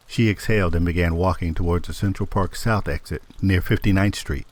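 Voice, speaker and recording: A man narrating an audiobook in a measured, steady storytelling manner. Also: low-pitched. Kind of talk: scripted narration.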